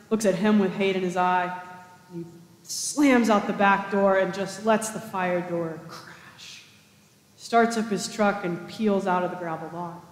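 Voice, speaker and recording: Guy preaching, chatty storytelling, pretty high voice, big echoey cathedral. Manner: conversational, casual asides. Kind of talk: storytelling sermon.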